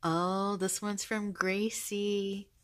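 A woman vlogger chatting casually as she shows a journal, gushing and soft-spoken, with fillers and small laughs. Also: medium pitch, little pitch movement, very slow, a little hiss or hum. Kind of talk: casual chat. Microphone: handheld camera held close.

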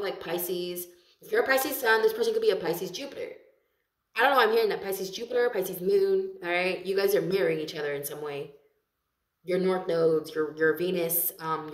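A woman's voice: mid-range voice, roomy sound. A woman giving a casual tarot reading, talking in a chatty, loose way, swearing freely and laughing often. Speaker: tarot reader.

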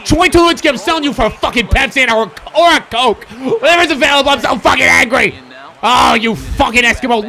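A man streaming a video game and raging at it, shouting furious profane outbursts. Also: very high-pitched, expressive, brisk, a faint crowd. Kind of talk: raging gameplay commentary.

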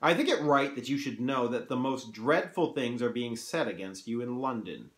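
A man's voice: mid-range voice, lively intonation, normal speed, a bit bright, lightly acted. A man reading as a grave, earnest painter. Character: grave serious male painter friend. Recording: roomy echo.

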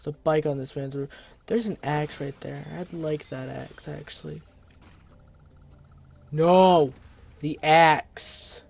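A man doing let's play commentary, excitable and often yelling at the game. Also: fairly high pitch, a little slow, gravelly, husky. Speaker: gaming video creator.

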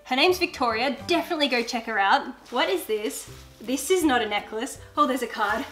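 Gushing, bright-voiced young woman vlogger. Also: sits high, a little fast, faint music behind. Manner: gushing and excitable, squeals over items. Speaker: YouTuber. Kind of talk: casual unboxing vlog chat.

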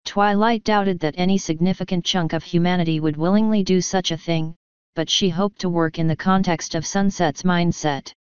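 A woman narrating a fanfiction story in a steady, even way. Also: lowish voice, moderate pace, clean tone, no room sound, highs cut off. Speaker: fanfiction reader. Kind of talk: audiobook narration.

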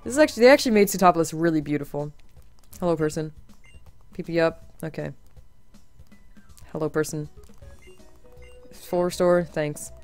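A woman's voice: deep voice, normal speed, long pauses, a little mellow. A young woman hosting a casual let's-play, talking sarcastically and swearing a lot, her voice tired and strained. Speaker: gaming channel host. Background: faint game music.

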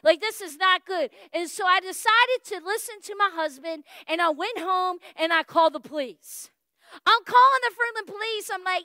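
High-pitched animated woman pastor. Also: normal speed, no echo, clean studio sound. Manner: animated, folksy storytelling with acted-out dialogue. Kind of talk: storytelling sermon. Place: church.

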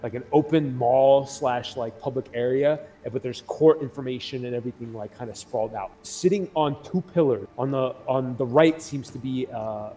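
Game-master man, mid-pitched, loose rambling narration. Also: moderate pace, hardly any pauses, dark tone. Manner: rambling, filler-heavy description.

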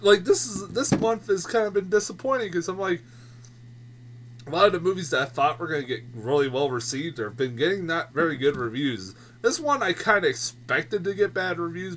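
A man's voice: a little high, a bit bright, slight background noise. A man giving a casual, exasperated film review, swearing often and laughing in disbelief as he rants.

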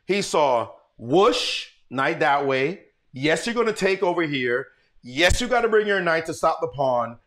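A man's voice: on the high side, measured pace, a little hiss or hum. A man giving a live-streamed chess lesson, telling stories and calling out to his viewers. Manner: animated, storytelling, calls to viewers. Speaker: chess teacher.

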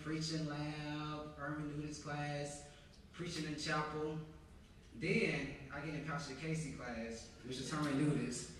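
A young man preaching in a large, echoing chapel. His voice sits high and bright and is picked up from some distance off, with faint room noise behind it. He tells his story with animated energy and builds to emphatic preaching. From Georgia, US. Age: young adult. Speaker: ministry student preaching. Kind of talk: sermon. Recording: echoey hall heard from a distance.

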